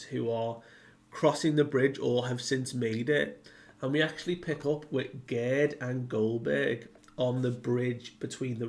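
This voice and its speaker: A man talks through a comic chapter at an unhurried, drawn-out pace, his pitch sitting in an ordinary middle range. His delivery is loose and rambling, and he fills it with "like" as he retells the characters' lines in his own words. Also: gravelly. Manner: rambling, heavy use of "like", paraphrases characters. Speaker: manga reviewer. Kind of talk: casual chapter recap.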